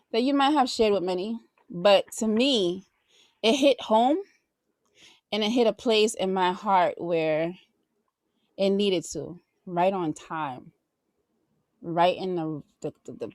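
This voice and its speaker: A woman's voice: medium pitch, slow pace, long pauses, dry recording. A woman hosting a podcast, pouring out heartfelt, preacher-like affirmations to her guest in a casual chat. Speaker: podcast host.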